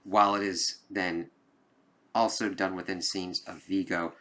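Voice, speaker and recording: A man's voice: sits low, little pitch movement, unhurried, sharp tone. A man giving a casual spoken film review, rambling with lots of "like"s and frequent swearing.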